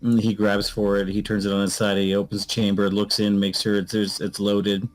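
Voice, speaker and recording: A man's voice: lowish voice, completely flat delivery, brisk, poor audio. A man playing a tabletop game, laying out his character's actions step by step. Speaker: player.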